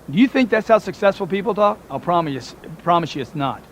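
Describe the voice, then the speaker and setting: Man, higher-pitched than most, emphatic motivational speaker, punchy and repetitive. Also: expressive, quick pace, few pauses, slight background noise. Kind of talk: motivational audiobook talk.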